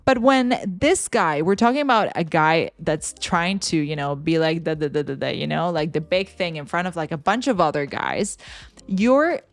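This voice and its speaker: A woman with a fairly low voice tells a storytime vlog tale in a chatty, animated way, with many fillers. The sound is dry and close, with no room around her. She talks like a friend catching you up. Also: moderate pace, no room sound. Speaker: flight attendant and vlogger.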